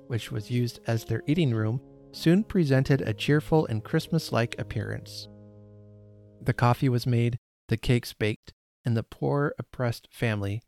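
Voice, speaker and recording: Man, podcast host, storybook reading, measured, expressive, faint music in background. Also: medium pitch.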